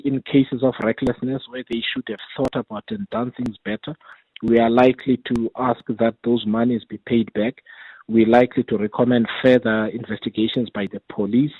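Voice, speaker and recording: A man, a committee chair, answering interview questions in a measured way and often repeating words as he builds his points. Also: mid-range voice, no echo. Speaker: parliamentary committee chair, guest. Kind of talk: radio interview over the phone. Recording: tinny phone line, husky and dry.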